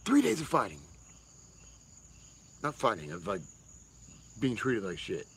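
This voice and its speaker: A man's voice: on the low side, huge pitch swings, measured pace, a little hiss or hum, low-quality recording. A man, rambling casually and swearing freely on a livestream while answering chat. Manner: rambling, profane, laid-back.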